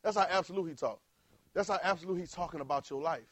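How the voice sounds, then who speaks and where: A male preacher, delivering a sermon in call-and-response style that rises to loud exhortation. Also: high-pitched, fast, no room sound.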